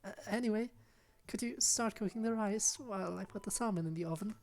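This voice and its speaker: A man voicing a shy, bookish young woman from a visual novel, soft, hesitant and polite. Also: high-pitched, brisk, pitched above the performer's own voice. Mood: gentle. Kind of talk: reading visual novel lines aloud.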